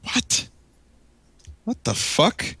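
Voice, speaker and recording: A man's voice: extremely slow, sharp tone, no echo. A man co-hosting a casual podcast, laid-back and hesitant while guessing, swearing casually.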